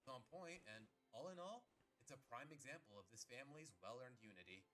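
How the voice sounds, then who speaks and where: Man, scripted review narration, quick delivery, lively pitch, upbeat.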